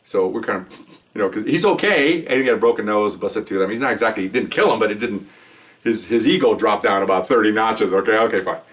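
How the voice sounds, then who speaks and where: A man's voice: fairly low pitch, quick pace, a bit bright, recorded from a distance. An older man and retired police officer casually telling a story, rambling and chuckling with frequent "okay"s.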